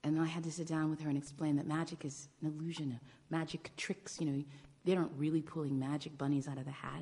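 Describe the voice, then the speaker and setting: A woman in her forties telling personal stories in a sermon, swinging between hushed whispers and loud exclamations. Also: deep voice, fairly even intonation, fast, in a large hall. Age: 40s. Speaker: guest preacher and storyteller. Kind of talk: storytelling sermon. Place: church sanctuary.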